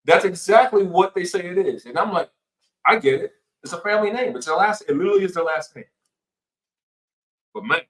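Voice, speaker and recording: A man co-hosting a casual podcast chat, telling a story with lots of laughter and a lively delivery. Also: high-pitched, fairly quick, long pauses, reverberant, low-quality recording. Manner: animated storytelling with frequent laughter. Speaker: podcast co-host.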